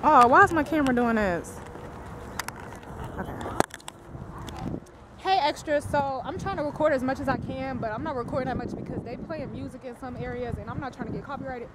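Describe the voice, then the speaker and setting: A young woman vlogging from her phone, chatting excitedly with her viewers as she walks through a busy shopping center and a crowded restaurant. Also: sits high, fairly quick, pauses often. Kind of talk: casual handheld vlog. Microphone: phone camera held in hand. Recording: loud crowd and noise on a phone mic. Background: crowd chatter and street noise.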